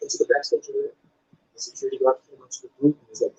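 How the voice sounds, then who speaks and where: A South African man performing a stand-up comedy set, telling stories in an animated way, on a dull lo-fi recording. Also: rapid-fire, slightly rough. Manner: animated storytelling, lively pitch swings.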